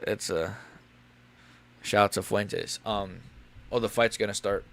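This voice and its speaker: A young man live-streaming a fight watch-along, rambling and crude, quick to get loud. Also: fairly low pitch, steady tone, creaky.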